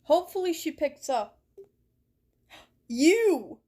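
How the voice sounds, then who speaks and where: Chatting with viewers while gaming live in her bedroom, a woman plays things up with mock-dramatic flair. Her high, warm voice is very animated, though her pace is slow.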